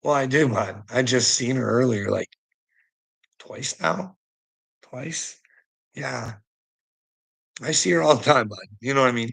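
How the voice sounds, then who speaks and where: A man's voice: mid-range voice, unhurried, vocal fry, pauses often, a bit bright, slightly rough, rough recording. A middle-aged man talking casually on a livestream, rambling, teasing viewers, swearing freely and laughing often. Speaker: livestream host.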